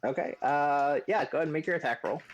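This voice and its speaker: A man's voice: a little high, fast, highs cut off. A man running a tabletop game as game master, talking with many fillers and restarts.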